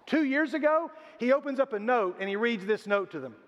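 A man's voice: very high-pitched, lively intonation, fairly quick, hardly any pauses. An older man, a grandfather, preaching a sermon as pastor and telling stories with acted-out voices. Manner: storytelling, acts out quoted voices. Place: church sanctuary. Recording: reverberant hall, dull lo-fi sound.

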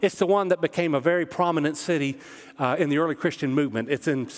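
A man preaching from the pulpit with a fairly high voice, emphatic and direct, and he often turns to his listeners with rhetorical questions. His voice carries a long reverb, as in a large church sanctuary. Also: quick pace. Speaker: pastor. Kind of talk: sermon.

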